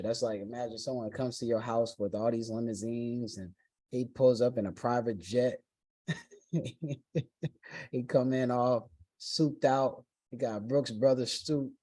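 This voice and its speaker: Casual Bible study teacher, dry sound. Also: male voice, medium pitch, fairly even intonation, unhurried, dark tone, no echo. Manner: reads scripture aloud, then retells it in casual slang.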